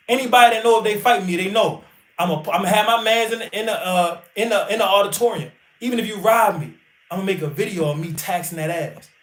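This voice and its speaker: A man's voice: high-pitched, reverberant. A man, a boxer hosting a livestream, talking bluntly and boastfully with lots of swearing. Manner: boastful, blunt, profane trash talk. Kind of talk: casual livestream talk.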